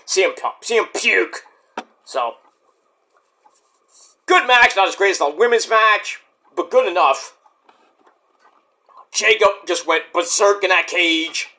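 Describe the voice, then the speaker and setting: A young man giving a casual, rambling wrestling event review, excitable and profane, with sudden shouts. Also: high voice, slow, long pauses.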